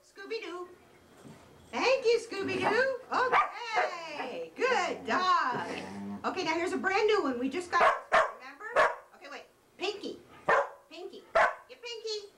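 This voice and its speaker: A woman's voice: very high-pitched, sing-song, unhurried, echoey room, recorded from a distance. A woman at home, talking to her dog in a coaxing, sing-song pet voice with lots of repetition, in a noisy home video. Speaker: dog owner and hostess. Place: indoors at home.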